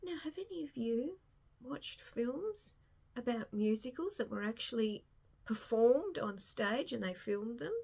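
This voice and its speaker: Chatty woman with a gravelly edge. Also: a little high, animated, unhurried, darkish tone. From not American. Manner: chatty, rambling, enthusiastic, with frequent restarts. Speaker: film review vlogger. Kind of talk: casual spoken review.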